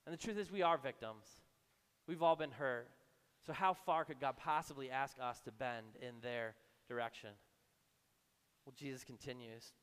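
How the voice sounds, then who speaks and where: A man preaching a sermon in a conversational way, acting out imagined voices and dropping low and soft for emphasis. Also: normal speed, smooth, big-room sound. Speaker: pastor.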